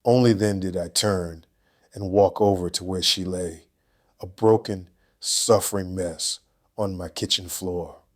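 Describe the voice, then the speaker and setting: Older male narrator, lowish pitch, reading a first-person story with calm, cold deliberation. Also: unhurried.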